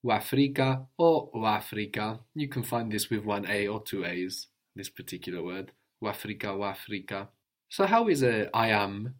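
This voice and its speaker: A man teaching a language lesson, patiently drilling words, repeating a learner's answers slowly and praising them. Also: lowish voice, lively intonation.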